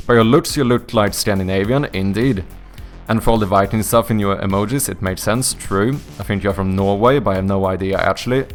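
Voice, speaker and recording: A gravelly, lowish voice belongs to a Swedish streamer, accented and leaning British in his English. He rambles, jokes, and corrects himself as he reads chat aloud and chats casually with viewers.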